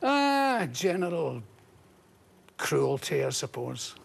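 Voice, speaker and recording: An older Scottish comedian telling animated, laughing anecdotes as a talk-show guest. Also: male voice, fairly high pitch, slow pace, vocal fry, husky. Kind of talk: storytelling talk-show interview.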